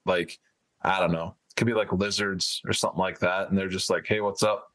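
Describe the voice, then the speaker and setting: A man's voice: low voice, flat delivery, a little fast, a bit bright. Rambling man co-hosting a podcast. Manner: rambling, hedging with fillers. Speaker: podcast co-host. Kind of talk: casual chat.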